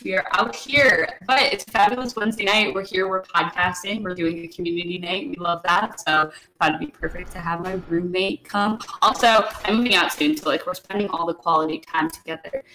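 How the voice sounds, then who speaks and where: A woman's voice: fairly low pitch, a little fast, hardly any pauses, pushed and bright, slight background noise, low-quality recording. A woman co-hosting a live podcast, chatty and bubbly, laughing often, with her audio sounding robotic. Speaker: podcast co-host. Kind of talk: casual live podcast chat.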